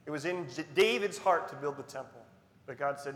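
A male pastor delivers a sermon in an earnest, emphatic way, driving points home by repeating them. His voice sits a little high for a man. The sound rings with the long reverb of a large hall. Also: lively intonation, brisk, fairly bright tone, a little hiss or hum.

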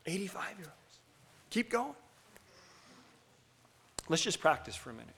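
Middle-aged male pastor, bright, fairly high voice, dynamic sermon delivery from hush to shout, leads congregation participation. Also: moderate pace, vocal fry, slight background noise. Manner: animated, swings between loud bursts and hushed whispers; leads the congregation in call-and-response.

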